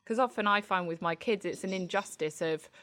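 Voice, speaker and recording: A woman's voice: mid-range voice, brisk, a bit bright. A woman co-hosting a casual chat, speaking candidly and reflectively, often restarting her sentences.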